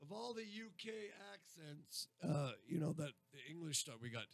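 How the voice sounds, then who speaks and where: Gravelly, animated man hosting a radio show. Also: on the high side, normal speed, no room sound. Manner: rambling, jokey, breaks into silly accents. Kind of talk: casual radio banter.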